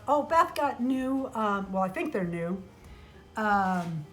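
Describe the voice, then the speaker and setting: Gushing woman opening gifts slowly. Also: on the high side, fairly bright tone. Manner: gushing, exclaiming often, gets flustered and choked up. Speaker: doll channel host opening gifts. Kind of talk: casual unboxing vlog.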